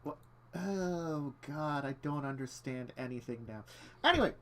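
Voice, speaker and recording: A man's voice: on the high side, animated, a little slow. A man running a tabletop game stream as game master, chatting casually and laughing at his own technical troubles. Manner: chatty, self-deprecating, laughs often.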